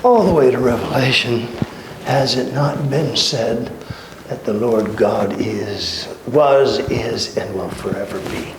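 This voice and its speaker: A man teaching a church Bible study in a folksy, animated storytelling way, with playful asides. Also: medium pitch, slow pace. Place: church hall. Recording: echoey hall with background noise.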